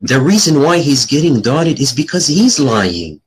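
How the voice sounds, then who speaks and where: Husky, taunting man in a debate room. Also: mid-range voice, measured pace, low-quality recording. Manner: taunting, lively, lecturing. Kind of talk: live online debate.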